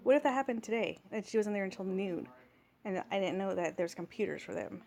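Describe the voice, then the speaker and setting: A woman's voice: medium pitch, fairly quick, vocal fry, darkish tone. Exasperated woman ranting in a vlog. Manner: exasperated, ranting, acts out quoted dialogue. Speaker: vlogger. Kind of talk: casual vlog storytelling.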